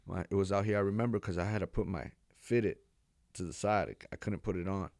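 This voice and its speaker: Low-voiced texas guy, pastor, tells his story all animated, does the voices, dry close mic. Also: fast talker, dry recording. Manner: animated storyteller, acts out quotes, laughs often. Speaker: podcast guest, pastor. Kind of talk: storytelling interview.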